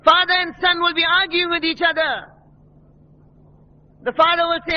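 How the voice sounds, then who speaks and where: A man's voice: very high voice, steady tone, normal speed, long pauses. A man preaching a sermon, telling stories with passion and acting out the people he quotes. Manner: impassioned storytelling, voices quoted speakers. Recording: dull lo-fi recording.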